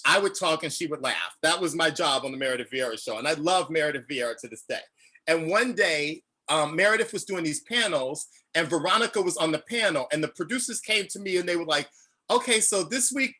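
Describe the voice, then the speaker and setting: Male author, Chicago-raised, virtual book talk, emotional storyteller with a bright, high voice. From Chicago, United States. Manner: animated storytelling, acts out quotes; emotional, near tears. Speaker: author, interview guest.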